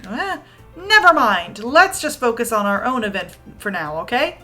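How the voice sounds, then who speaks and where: A woman reading the lines of a composed, polite schoolgirl club president in a calm, measured way. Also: a little high, faint music behind.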